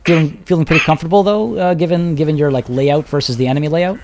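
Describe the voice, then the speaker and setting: A man's voice: a little high, fast, noisy background. A young man hosting a strategy game livestream, chatting with viewers, reading out their comments and casting the match with frequent laughs. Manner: chatty, reads chat aloud, laughs often. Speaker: livestream host and game caster.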